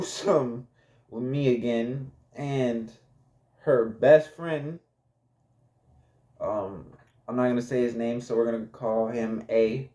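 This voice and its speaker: A man's voice: medium pitch, a little mellow. A young man casually telling a personal story to his viewers, laid-back and chatty, laughing often and calling the audience y'all.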